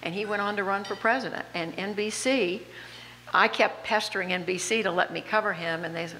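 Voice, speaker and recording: A woman in her seventies with a slight Southern accent, telling lively, self-deprecating stories as an honored guest on stage. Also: mid-range voice, a little fast. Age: 70s. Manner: animated, self-deprecating anecdotes with frequent laughs. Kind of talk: on-stage interview storytelling. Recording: reverberant hall with faint background noise.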